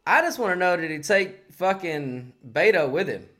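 A man with a slightly high voice riffs sarcastically through casual podcast banter. He swears freely and piles up mock praise in a loose, crude way. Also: animated, normal speed, fairly bright tone. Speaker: podcast co-host.

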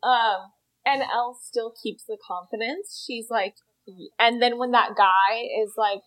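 A woman's voice: on the high side, measured pace, low-quality recording. A woman guest on a movie podcast, chatting casually and animatedly quoting characters. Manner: animated, quotes characters in voices. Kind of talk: casual chat.

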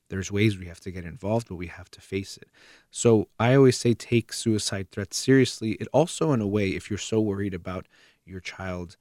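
Deep-voiced man giving earnest advice. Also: no room sound, clean studio sound. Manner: earnest, steady, explanatory. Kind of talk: advice monologue.

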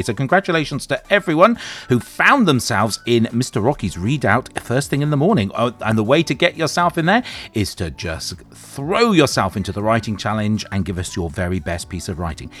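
Brief: upbeat male radio co-host with a lively, bouncing delivery, playful and teasing. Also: mid-range voice. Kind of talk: live radio presenting.

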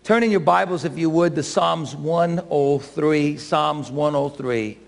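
Pastor preaching in a reverberant hall. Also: male voice, a little high, a little slow, creaky. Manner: emphatic preaching with rhetorical questions. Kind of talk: sermon. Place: church sanctuary.

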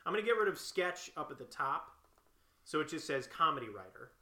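Lively young man in an echoey room. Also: a little high. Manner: animated, quick to bicker. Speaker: co-host. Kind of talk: comedic banter.

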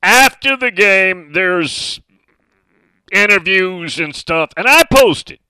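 A male talk radio host with a slightly higher voice that rises and falls a lot as he chats. He talks at an easy, unhurried pace into a studio mic, reading listener messages in a sharp, bright tone. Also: expressive, clean tone, no echo, rough recording. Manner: chatty, reads out listener messages. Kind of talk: casual sports talk radio.

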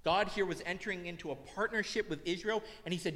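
A man in his thirties, preaching with an easy, conversational delivery and a fairly high voice. He tends toward self-deprecating asides. His voice rings out with a long reverb tail. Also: fast talker, few pauses, a bit bright. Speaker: pastor. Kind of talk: sermon.

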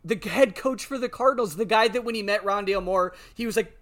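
A man co-hosting a sports podcast, telling stories in an animated, rambling, casual way. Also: high-pitched, quick pace. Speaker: podcast co-host.

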